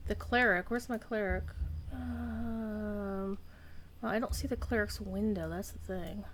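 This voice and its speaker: A woman's voice: medium pitch, measured pace, slight background noise. A woman streaming a game live, chatting loosely with viewers and rambling between tasks. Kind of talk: casual live-stream chat while gaming.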